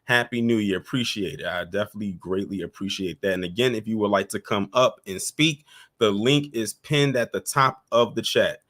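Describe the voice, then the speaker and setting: A man's voice: lowish voice, normal speed. A man hosting a call-in livestream, chatting casually with callers and thanking supporters. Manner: relaxed, chatty, many fillers. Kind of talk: casual chat.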